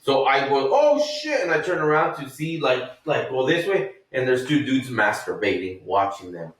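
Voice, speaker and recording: A man's voice: mid-range voice, moderate pace, fairly bright tone, distant mic. A man on a podcast telling a rambling, profane story and acting out the lines other people said. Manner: profane, rambling storyteller who acts out quotes. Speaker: podcast co-host. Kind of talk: casual storytelling chat. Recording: very echoey room, off mic.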